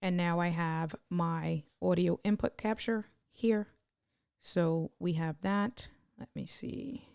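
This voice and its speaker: A woman live streamer giving a casual tutorial on streaming software, chatting as she clicks and greeting viewers by name. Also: fairly low pitch, steady tone, slow, vocal fry, smooth, no echo, studio quality.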